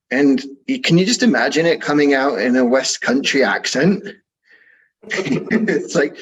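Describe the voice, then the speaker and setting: A husky-voiced man hosting an interview. He talks in a loose, rambling, chatty way and laughs easily. His pitch sits in a middling range for a man. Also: lively intonation, moderate pace, low-quality recording. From England. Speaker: podcast host. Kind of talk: casual interview chat.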